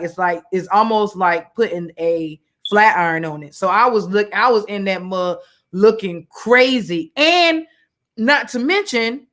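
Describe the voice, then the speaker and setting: Woman preaching in a loose, rambling way. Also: mid-range voice. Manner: conversational, many fillers and restarts, colloquial. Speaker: women's Bible study teacher. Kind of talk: informal sermon with personal story.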